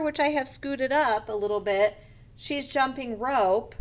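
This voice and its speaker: In a recorded online lesson, a woman teaches first graders grammar in a slow, patient voice. Occasionally she whispers a quick aside to herself, and she raises her pitch to demonstrate an excited sentence.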